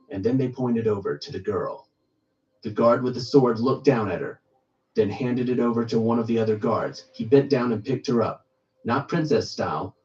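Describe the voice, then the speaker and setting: A man reading a first-person horror story aloud in steady storytelling narration. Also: medium pitch, distant mic, dull audio.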